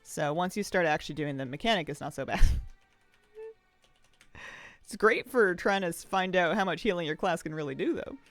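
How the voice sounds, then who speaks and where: A game streamer talking casually from a home office, chatty and rambling and quick to laugh. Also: medium pitch, a bit bright, faint music behind. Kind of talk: casual chat while streaming a video game.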